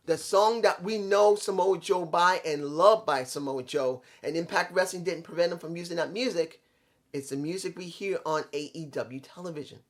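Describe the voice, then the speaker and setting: Male wrestling fan commentator, casual rambling monologue. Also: high voice. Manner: rambling, self-correcting storytelling. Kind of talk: fantasy booking monologue.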